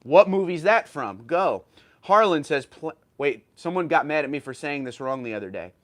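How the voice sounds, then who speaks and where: A man's voice: mid-range voice, animated, moderate pace, a bit bright. Tired man hosting a truck livestream. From New York. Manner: chatty, reads chat messages aloud and replies; tired from little sleep, stumbles over words. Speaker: livestream host reading viewer comments. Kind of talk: casual livestream chat.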